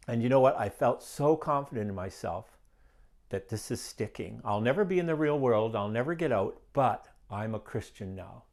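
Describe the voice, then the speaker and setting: An older man telling his personal testimony, animated, acting out the dialogue as he recounts it. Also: fairly low pitch. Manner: animated storyteller who acts out quoted dialogue and laughs often. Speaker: guest sharing his testimony.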